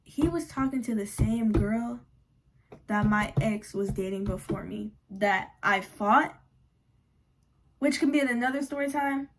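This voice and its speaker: Young woman spilling a storytime, slangy and frank, kinda high voice. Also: measured pace, slight background noise. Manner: animated, slangy, frank and profane. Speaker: vlogger. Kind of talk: casual storytime vlog.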